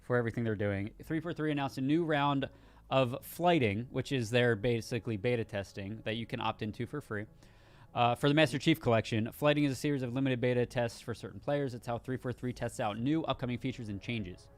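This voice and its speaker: A man's voice: medium pitch, fairly quick, dry recording. A man co-hosting a casual gaming news show, rambling a bit with restarts as he reads out the news. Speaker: co-host.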